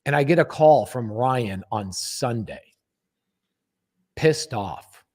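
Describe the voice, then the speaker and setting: A man's voice: mid-range voice, lively intonation, takes it slowly, a little mellow. A man hosting a podcast, telling a story in a blunt, emphatic way and swearing freely. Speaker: podcast host. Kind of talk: casual storytelling.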